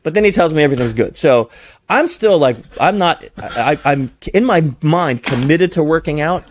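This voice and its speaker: Animated man telling a wild story. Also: normal speed, a little hiss or hum. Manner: animated, voice jumps high when excited. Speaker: podcast guest. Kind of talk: casual storytelling.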